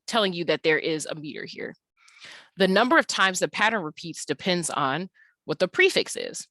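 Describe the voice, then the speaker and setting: Woman, English teacher, slightly low voice, patient, drags out key words for emphasis; dry webcam lesson. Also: pushed and bright, no echo. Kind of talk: recorded online lesson.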